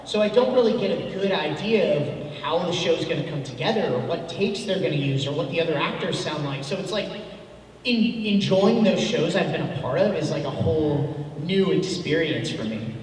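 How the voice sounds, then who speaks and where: A chatty man in his thirties, with a slightly high voice, rambles through a casual convention panel answer full of ums and restarts. He is recorded from far back in a big, echoey hall with a long reverb tail. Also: animated, normal speed, a little hiss or hum. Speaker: voice actor guest at a convention panel.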